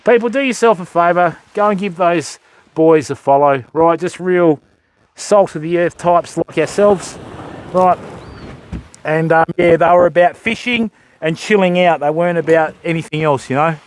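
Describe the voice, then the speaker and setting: A man's voice: high voice, a little slow. An older Australian man fishing from a beach on a livestream, chatting to viewers and thanking them while he casts. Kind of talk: live fishing stream chat. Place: outdoors on a beach by the surf. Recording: faint surf noise outdoors. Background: waves and surf.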